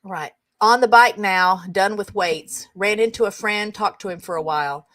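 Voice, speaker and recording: A woman's voice: medium pitch, moderate pace, a bit bright, dry recording. A woman hosting a casual show, reading funny text messages aloud and chatting about them in an amused way. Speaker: host of a comedy roundup show.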